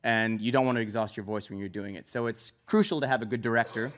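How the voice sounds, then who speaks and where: A man's voice: lowish voice, fast talker. An Australian man hosting a live convention panel and directing voice actors, playful and laughing often.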